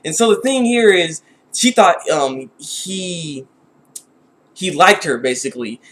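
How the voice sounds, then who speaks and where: A man's voice: fairly high pitch, lively intonation, slow, fairly bright tone. A man casually reviewing an anime episode, rambling with many restarts and sounding exasperated.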